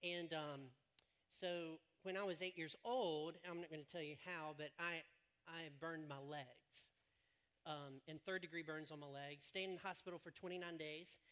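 Bright-voiced, joking pastor. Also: male voice, a little high, steady tone, moderate pace, clean tone. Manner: joking, rambling storyteller. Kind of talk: sermon. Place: church stage.

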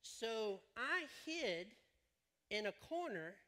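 A man's voice: high voice, big pitch swings, extremely slow, sharp tone. A man preaching a sermon from a church stage, telling stories in a joking, rambling way. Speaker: pastor.

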